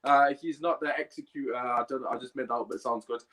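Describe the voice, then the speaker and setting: A man's voice: medium pitch, steady tone, fast, pushed and bright, rough recording. A young man hosting a podcast, talking bluntly with jokes and slang. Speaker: podcast host. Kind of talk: casual podcast chat.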